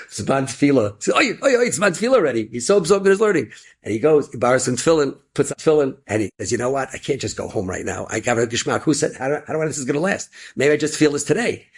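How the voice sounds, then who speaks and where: A man's voice: medium pitch, gravelly, husky. A middle-aged man with an American Yeshivish accent, a rabbi telling an inspirational story and acting out the dialogue with a rising voice. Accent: American Yeshivish English with Hebrew and Yiddish words. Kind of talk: inspirational story told to an audience.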